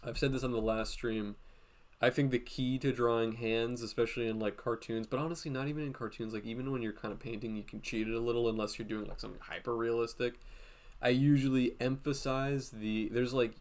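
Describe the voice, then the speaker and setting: A man giving a casual live drawing lesson, walking through each step out loud with lots of "like" fillers. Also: medium pitch, fairly even intonation, brisk. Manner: thinks aloud, step-by-step, frequent "like" fillers. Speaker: drawing instructor streaming a class.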